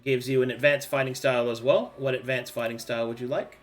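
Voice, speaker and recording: A man's voice: mid-range voice, steady tone, fast talker, faint music behind. A man running a tabletop game as game master, playful and hyping up his players.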